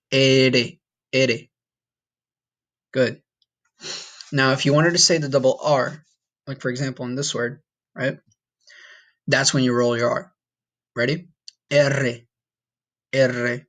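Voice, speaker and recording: A man's voice: mid-range voice, a bit bright. A man teaching a recorded Spanish lesson, patiently repeating each sound and encouraging the listener.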